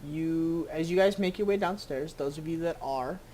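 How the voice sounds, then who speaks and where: A game master narrating a tabletop game scene, halting with many fillers and restarts. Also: mid-range voice, dark tone, a little hiss or hum.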